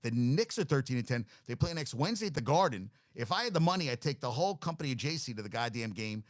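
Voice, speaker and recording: A man's voice: medium pitch, expressive, fast, no room sound, studio quality. Rambling male sports talk host. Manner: rambling, reads off stats and thinks aloud; blanks on names and corrects himself. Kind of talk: casual sports talk monologue.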